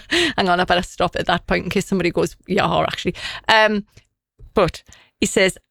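Woman, radio co-host, gravelly, dry studio sound, giggly and chatty. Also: on the low side, steady tone, fairly quick, fairly bright tone, no echo. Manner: chatty, giggly, playful storytelling. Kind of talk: casual radio chat.

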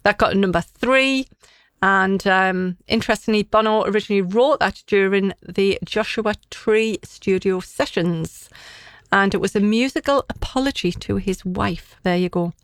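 A woman's voice: medium pitch, normal speed, dry recording, clean studio sound. A woman co-hosting a radio show in a chatty, playful way, laughing often as she tells stories. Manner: chatty, giggly, playful storytelling. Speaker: radio co-host. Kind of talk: casual radio chat.

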